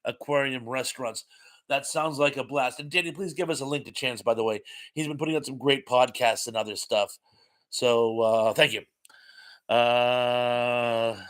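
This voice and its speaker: A man's voice: medium pitch, bright, forceful tone. An older man hosting a live stream, chatting casually and reading viewer comments aloud with plenty of ums and asides. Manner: chatty, rambling, reads comments aloud with fillers. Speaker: host.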